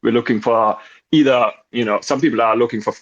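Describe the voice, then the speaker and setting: A man from Germany with a German accent, speaking English in casual chat, halting and full of ums and restarts. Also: medium pitch, fairly even intonation, lo-fi sound. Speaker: caller in an audio chat room.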